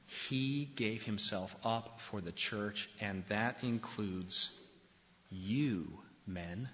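Male pastor, earnest direct preacher, sharp bright voice, dull lo-fi church recording. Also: lowish voice, takes it slowly. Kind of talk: sermon. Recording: dull lo-fi recording in a reverberant hall.

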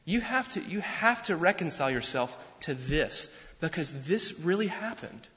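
Guy preaching a sermon, chatty and animated, trips over his words a lot, big echoey church, kinda muffled. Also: a little high, normal speed. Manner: animated, conversational preaching with repeated restarts. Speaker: pastor. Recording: dull sound with long hall reverb.

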